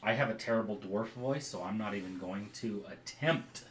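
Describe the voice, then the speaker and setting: A man narrating as game master of a tabletop game, halting with many fillers. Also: on the low side, echoey room, a crowd in the background.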